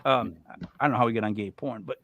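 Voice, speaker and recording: A man hosting a podcast, chatting casually in an animated, joking, rambling way. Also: medium pitch, racing, no echo. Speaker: podcast host. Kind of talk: casual chat.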